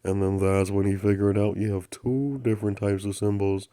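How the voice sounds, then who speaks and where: Fairly low-pitched and at a normal speed, this man's voice barely moves in pitch. As host of his own channel, he rambles through a spiritual story with broken grammar, repeats affirmations like a chant, and sometimes murmurs softly without voicing.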